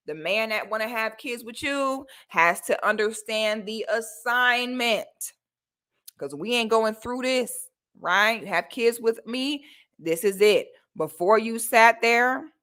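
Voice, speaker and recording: A woman's voice: fairly high pitch, fairly bright tone. A young woman giving casual commentary and advice to her viewers, sassy and emphatic, talking straight to them. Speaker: commentary vlogger.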